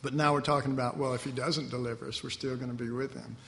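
A man's voice: medium pitch, fairly even intonation, quick pace, creaky, a bit bright, a little hiss or hum. Folksy preacher man in a reverberant hall. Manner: folksy, chuckling, acts out voices in the story. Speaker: pastor. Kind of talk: conversational sermon.

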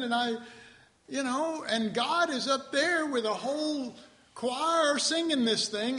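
A man teaching a Bible class in a conversational, animated sermon style, with asides to his listeners. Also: very high voice, unhurried.

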